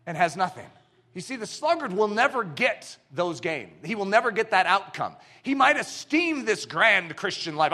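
A man preaching in a church with a high, bright voice that leaps all over the place. He is animated and throws himself into the voices he quotes, pushing hard on his main points. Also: moderate pace. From United States. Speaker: pastor. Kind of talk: sermon.

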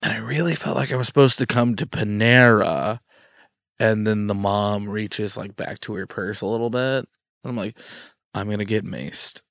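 A man telling a lively story in casual chat, acting out the quotes as he goes. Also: fairly low pitch, moderate pace, vocal fry, no room sound, studio quality. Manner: animated, acts out quotes in his story. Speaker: guest.

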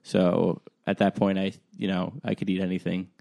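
A man's voice: deep voice, little pitch movement, normal speed, gravelly, warm tone, no echo, studio quality. A young man co-hosting a podcast, telling a rambling, self-deprecating story in a casual way, full of "like" and "um". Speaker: podcast co-host.

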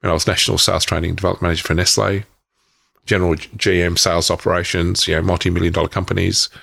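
A middle-aged man, a podcast guest, telling his life story frankly, with halting restarts and the odd swear word. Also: deep voice, little pitch movement, creaky, fairly bright tone. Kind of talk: candid personal storytelling.

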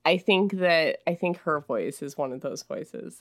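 Animated young woman, lowish voice. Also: unhurried. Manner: animated, jumps high in pitch when joking. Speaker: podcast co-host. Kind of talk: casual chat recapping a book.

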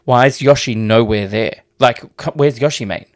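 A man's voice: medium pitch, moderate pace. A man co-hosting a podcast in casual chat, rambling and hesitant, swearing freely. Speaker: podcast co-host.

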